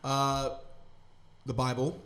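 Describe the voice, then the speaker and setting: A man's voice: mid-range voice, flat delivery, slow, fairly bright tone. A man hosting a podcast in casual chat, enthusiastic and rambling with slang. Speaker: podcast host.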